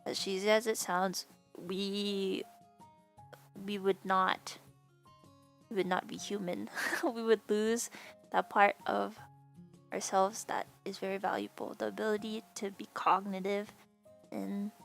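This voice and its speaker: A woman's voice: mid-range voice, little pitch movement, takes it slowly, creaky, pauses often, faint music behind. Young woman streamer with a lisp. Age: young adult. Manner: rambling, many fillers and restarts; laughs and bursts into squeals. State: vocal fry from a sore throat. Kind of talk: casual chat to a live stream.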